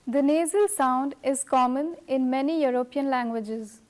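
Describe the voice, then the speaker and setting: A middle-aged woman teaching a scripted French lesson, speaking in a slow, careful, measured way. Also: sits high, a little mellow.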